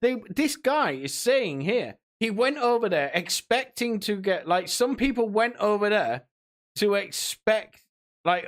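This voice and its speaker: A man's voice: high-pitched, expressive, unhurried, a bit bright. A man ranting and mocking as a streamer, sweary and sarcastic, often putting on whiny voices.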